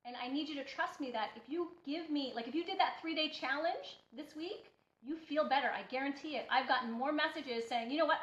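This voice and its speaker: A woman's voice: high-pitched, a little fast, few pauses, a bit bright. A woman giving a blunt, preachy motivational talk as a healthy-eating coach, speaking emphatically to her viewers. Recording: echoey room, dull lo-fi sound.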